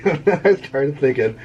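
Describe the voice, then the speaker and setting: Faint background music and slight noise accompany this muffled recording of a middle-aged man whose voice is a little high and a little mellow. He's a vlogger drawing as he talks, meandering through a story and laughing at his own humor.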